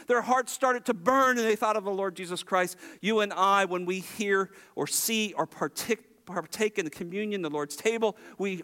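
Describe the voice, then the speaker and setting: A man preaching a sermon as a pastor, animated, acting out the lines he quotes. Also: sits high.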